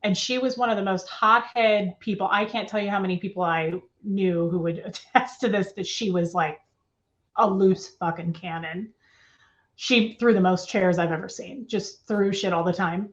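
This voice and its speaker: A woman at home, telling an interviewer her story in a halting, emotional way, with restarts and nervous laughs. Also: medium pitch, lo-fi sound. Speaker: interview guest. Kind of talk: personal testimony in a remote interview.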